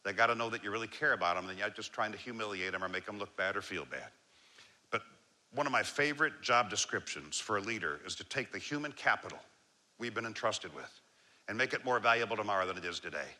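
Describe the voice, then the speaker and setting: A leadership speaker gives a motivational talk to a live audience, alternating between loud, emphatic lines and a calm voice that is low and slow.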